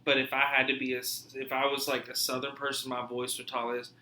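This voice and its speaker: A male podcast host chatting casually, rambling from one joke to the next and swearing as he goes. His voice has a very bright edge. It rings in an echoey room. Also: mid-range voice, monotone, fairly quick. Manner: rambling storyteller, swearing, jokey.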